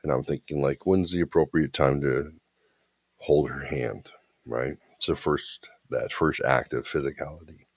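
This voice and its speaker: A man's voice: extremely low pitch, fairly even intonation, unhurried, a little mellow, breathy edge, no room sound. A man co-hosting a podcast, telling a story in a blunt, profane, confident way. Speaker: podcast co-host. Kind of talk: casual storytelling chat.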